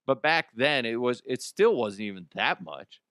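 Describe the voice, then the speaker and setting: Male podcast host, casual storyteller, lively swooping pitch, bright forward tone, dry close sound. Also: normal speed, clean tone, no room sound. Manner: animated, profane, laughs at own stories.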